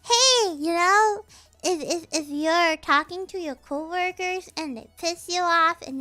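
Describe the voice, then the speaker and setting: Woman streamer, squeaky high and bright voice, giggly rambling slang lesson. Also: a little slow, soft background music. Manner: giggly, rambling, with many restarts. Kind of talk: casual livestream explanation.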